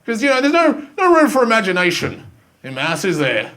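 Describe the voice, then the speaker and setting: A young Australian man doing a self-mocking stand-up comedy set, animated and full of silly voices, in front of a live school audience. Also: sits high, brisk. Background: faint audience ambience and laughter.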